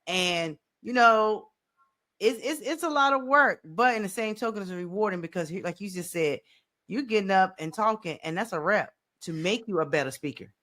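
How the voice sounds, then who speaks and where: A woman's voice: medium pitch, expressive, moderate pace, a bit bright. A woman coach hosting a podcast, chatting and encouraging her guest in an easy, colloquial way. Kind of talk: casual interview.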